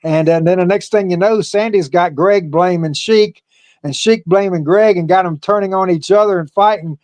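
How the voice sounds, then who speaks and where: A man's voice: high-pitched, a little mellow, no echo. Older man rambling through wrestling stories. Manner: halting, many "uh" fillers, laughs through stories. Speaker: former pro wrestler, guest. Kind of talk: casual storytelling interview.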